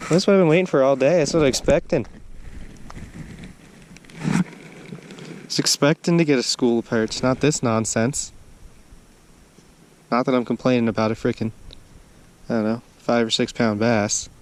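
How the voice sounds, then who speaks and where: An excitable man talking casually to the camera, outdoors on a frozen lake, with a faint outdoor hush behind him. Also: medium pitch, moderate pace, long pauses, a little hiss or hum. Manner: excitable, exclaims loudly when he lands a fish. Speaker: angler filming his fishing trip. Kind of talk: casual running commentary.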